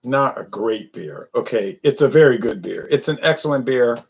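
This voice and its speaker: A man's voice: medium pitch, lively intonation, moderate pace, gravelly, husky, poor audio. A man from Louisiana giving a casual, rambling beer review to viewers in a wry, self-correcting way. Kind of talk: casual solo livestream chat.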